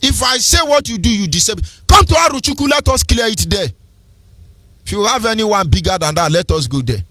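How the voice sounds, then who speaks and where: A Nigerian-accented man delivers fiery political radio commentary in a very high, bright, forceful voice. His preachy, sing-song ranting swings between loud outbursts and low warnings. The sound is dry and close, with faint hip hop music underneath. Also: lively intonation, a little fast, dry recording. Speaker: radio host.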